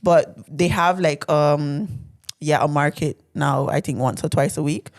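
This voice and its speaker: A woman's voice: low voice, fairly even intonation, a little slow. A Caribbean woman co-hosting a podcast, chatting animatedly and going off on tangents. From Caribbean island. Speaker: podcast co-host. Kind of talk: casual chat. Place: indoor podcast studio.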